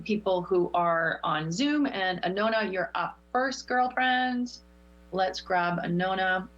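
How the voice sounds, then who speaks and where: A woman hosting a show as a spiritual teacher, leading a guided meditation with slow repeated affirmations and giving card readings. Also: fairly low pitch, a bit bright, lo-fi sound. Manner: soothing, repetitive affirmations.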